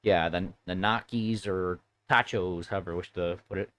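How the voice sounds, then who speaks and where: A man's voice: low-pitched, steady tone, moderate pace, fairly bright tone. A man hosting a live stream, chatting casually and playfully with viewers. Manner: laid-back, playful.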